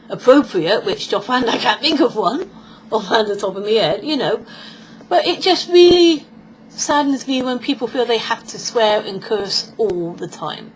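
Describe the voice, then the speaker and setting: A woman's voice: a little high, a little hiss or hum, poor audio. A British woman in her forties talking casually in a rambling vlog monologue, often acting out other people's voices. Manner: chatty and rambling, acts out quoted voices. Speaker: vlogger.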